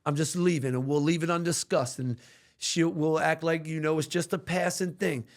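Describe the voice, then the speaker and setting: A man with a fairly high, gravelly voice tells his recovery story as a podcast guest. He speaks earnestly and with feeling, in loose street slang with plenty of cussing. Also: steady tone, moderate pace.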